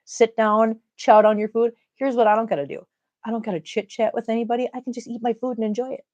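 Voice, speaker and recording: A woman's voice: on the high side, level tone, fast, a little mellow, dull audio. A middle-aged woman with an Upper Midwest American accent, chatting casually on a live stream, laughing often and reading viewer comments aloud.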